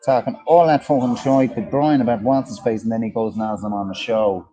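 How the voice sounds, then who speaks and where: A man co-hosts a casual park livestream, reading comments aloud, greeting viewers by name and bantering in a jokey, sweary style. His medium-pitched voice is mellow and brisk, with a steady tone, captured in a low-quality recording.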